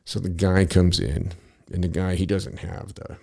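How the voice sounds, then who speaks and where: A man's voice: low-pitched, little pitch movement, unhurried, vocal fry, mellow. A man telling a long, rambling story in casual talk, profane and easily sidetracked.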